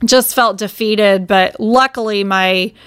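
A woman's voice: medium pitch, fairly even intonation, takes it slowly, a bit bright, clean tone, no echo. Heartfelt woman telling her story. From United States. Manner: emotional, reflective, heartfelt. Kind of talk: personal storytelling.

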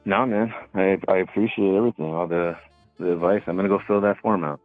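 A man, his voice very deep and thin like a tinny phone line. He tells stories in an easygoing way, padded with fillers. The sound is dry and close. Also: steady tone, fast talker, no echo, soft background music. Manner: laid-back storytelling with filler words. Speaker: caller. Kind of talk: casual phone call.

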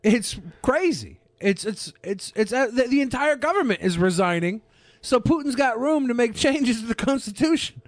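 High-voiced joking male podcast host. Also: very animated, normal speed, no room sound. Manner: crude, joking, sarcastic asides. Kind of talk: casual commentary chat.

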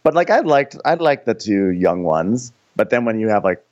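A man's voice: on the low side, sing-song, darkish tone. Rambling man on a dull mic. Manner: rambling, halting with many likes and restarts. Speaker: podcast co-host. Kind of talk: casual comedic recap chat.

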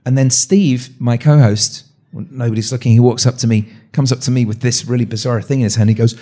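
A man telling a story as a guest on a live talk show, animated, with voiced quotes and frequent restarts. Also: mid-range voice, fast. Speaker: guest, meteorite hunter. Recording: live audience event.

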